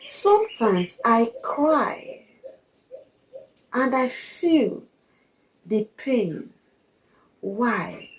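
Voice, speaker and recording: A woman speaks in a slow, deliberate way in her reflective personal vlog. Her voice sits a little high. She sounds earnest and confiding, and she circles back to the same points for emphasis. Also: very animated, poor audio. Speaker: vlogger.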